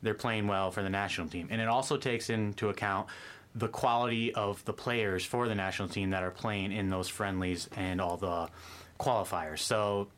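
A man talking sports in casual chat, measured and explanatory, with many ums. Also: fairly low pitch, fairly even intonation, fairly bright tone. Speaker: sports pundit.

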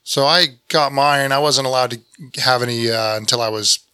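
A man's voice: medium pitch, moderate pace, sharp tone, clear, resonant tone, no room sound. A man hosting a podcast in casual chat, asking questions and cracking jokes. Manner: joking, asks questions.

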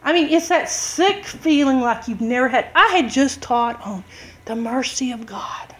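A woman preaching a sermon, telling a story with lively drama and acted-out shouts. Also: high-pitched, unhurried.

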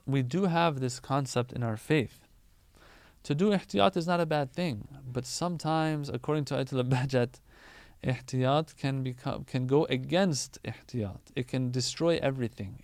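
A man giving a conversational sermon, explaining verses with everyday examples and rising to animated emphasis. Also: fairly high pitch, clean tone, no room sound, studio quality. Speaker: preacher.

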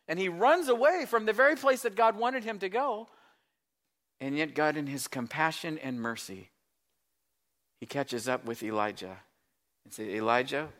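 A man pastor preaching a sermon, moving between loud pleading lines and soft hushed passages as he acts out Bible voices. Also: high voice.

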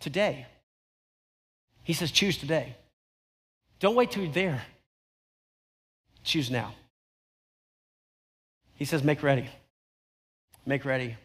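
A man's voice: sits high, fairly bright tone. A middle-aged man preaching a sermon, telling a story in a conversational way with emphatic repetition. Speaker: pastor. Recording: long hall reverb.

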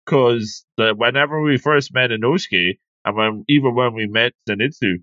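A man co-hosting a casual podcast discussion, relaxed and chatty with quick quips. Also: medium pitch, no echo, highs cut off. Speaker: podcast co-host.

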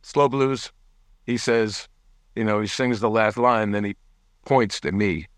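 A man's voice: on the low side, steady tone, measured pace, no echo, clean studio sound. A man telling a story as a guest musician in a casual interview, acting out the people he quotes and laughing often. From United States.

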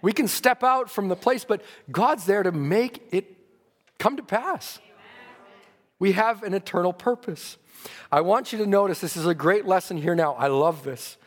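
A man's voice: high voice, normal speed, long reverb tail. A man preaching a sermon earnestly, his emphasis rising and falling.

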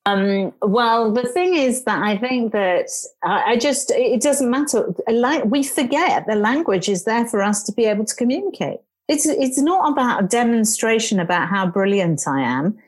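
Lively storytelling woman. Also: on the high side, moderate pace, few pauses. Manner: lively storyteller, acts out voices in quotes. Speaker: guest. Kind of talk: casual conversation, anecdotes.

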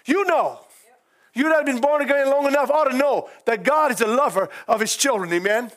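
A man's voice: very high-pitched, fairly quick, a bit bright. A man with a Cajun accent preaching a folksy sermon, often breaking into hallelujahs and chuckles. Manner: folksy, exclaims praise God and hallelujah often; chuckles often between lines.

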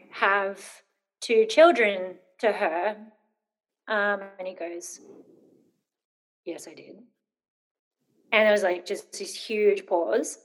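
A woman's voice: mid-range voice, fairly bright tone. A woman in her thirties, an interview guest telling a personal story, hesitant with many ums and rambling when nervous.

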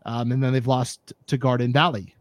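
A man hosting a casual high school sports podcast. He is animated and easily fired up, and he rants about what bothers him. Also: moderate pace, no room sound. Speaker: podcast host.

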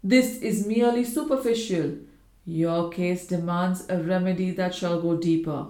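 A woman's voice: fairly low pitch, steady tone, measured pace, dark tone, lightly acted. A woman voicing a proud, intense male scientist with an emphatic, earnest delivery, in an audiobook reading. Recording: roomy echo.

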